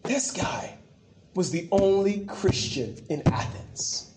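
A man with a high-sitting voice preaches slowly and passionately, repeating points for emphasis and spinning animated stories. The sermon was recorded in an echoey room.

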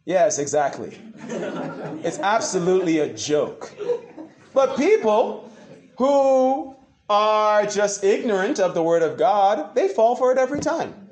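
A man preaching a sermon, asking questions back to his congregation in an animated way. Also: sits high, measured pace. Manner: animated, call-and-response with the congregation. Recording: echoey room.

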